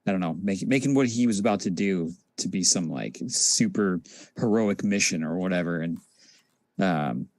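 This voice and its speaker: A man's voice: deep voice, expressive, moderate pace, dry recording. A man co-hosting a podcast, rambling casually with lots of fillers. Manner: rambling, lots of likes and ums. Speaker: podcast co-host. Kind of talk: casual chat.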